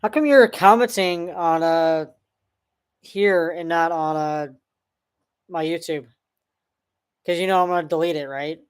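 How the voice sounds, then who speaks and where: A man's voice: a little high, a little slow, long pauses, clear, resonant tone. A man on a livestream answering trolls, sarcastic and mocking with fake dismay. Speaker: streamer answering online trolls. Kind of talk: casual livestream talk.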